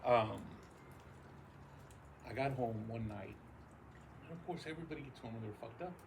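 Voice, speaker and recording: A man co-hosting a podcast, telling a profane, animated story in casual chat. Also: mid-range voice, normal speed, vocal fry, slight background noise. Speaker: podcast co-host.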